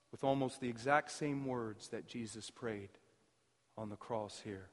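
Slow-preaching pastor in an echoing hall. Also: male voice, medium pitch. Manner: emphatic preaching, surging loud then dropping quiet. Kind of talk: sermon. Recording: reverberant hall.

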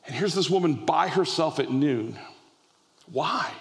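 A man preaching a sermon, retelling a story in an animated way with frequent restarts. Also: a little high, measured pace, gravelly, long reverb tail.

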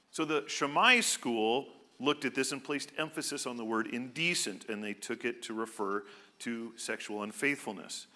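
A man delivers a sermon in an earnest, explanatory way, like a pastor teaching his congregation. His voice sits in a middle pitch with a bright, forceful edge. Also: moderate pace.

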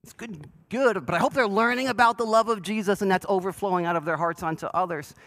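A man's voice: high voice, quick pace, a bit bright, poor audio. A man preaching a sermon to his church in a conversational, self-deprecating way, asking the congregation questions. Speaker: pastor. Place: church sanctuary.

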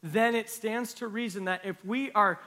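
A pastor delivering a sermon, his voice high and bright as he reads scripture passages aloud. He preaches earnestly, building up in force and then dropping low and quiet. His tone stays clear and ringing throughout. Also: moderate pace, big-room sound.

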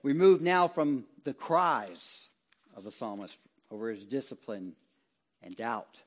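A middle-aged man, a ruling elder, preaching an impassioned sermon that sinks to hushed low tones and rises to loud exhortation. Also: takes it slowly.

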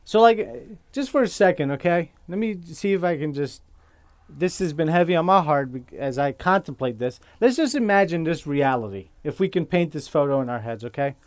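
A man preaching a sermon as pastor, slow and deliberate, often checking in with his listeners by asking "okay?". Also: fairly high pitch, expressive, dry recording.

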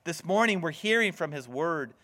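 A man preaching a sermon as pastor, swinging deliberately between loud emphasis and hushed, whispered lines. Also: a little high, expressive.

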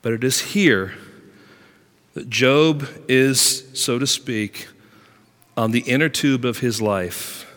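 A man preaching a sermon as pastor, swinging between hushed lines and loud, emphatic ones. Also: mid-range voice, slow pace, pauses often, long reverb tail.

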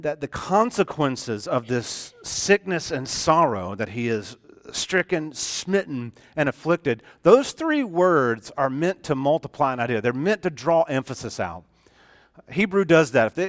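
A man preaching a sermon as a church pastor, emphatic and swinging from loud to hushed. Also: on the high side. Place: church sanctuary.

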